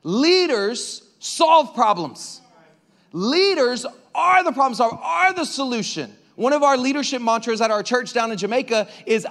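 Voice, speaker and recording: A male pastor preaching a sermon in an energetic, conversational way, calling out to the congregation. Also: sits high. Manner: energetic, conversational preaching with crowd call-outs. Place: church auditorium. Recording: preached in a reverberant hall.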